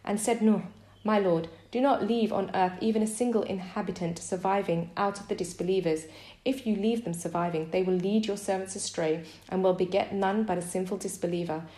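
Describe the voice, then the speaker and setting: A woman's voice: medium pitch, fairly even intonation, a little fast, dark tone. Woman reading scripture in an echoey room. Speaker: scripture reader. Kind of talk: reading a scripture translation aloud.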